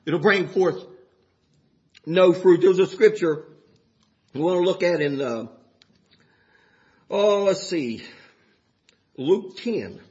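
A man's voice: sits high, slow pace, pauses often, darkish tone. A man preaching a sermon from scripture, folksy and chuckling, rising into fervent exhortation. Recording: dull lo-fi sound.

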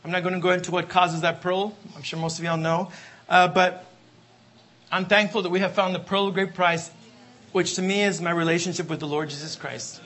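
Bright high-voiced preacher man. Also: little pitch movement, brisk. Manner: emphatic, repeats refrains, asks the congregation for amens. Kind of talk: sermon.

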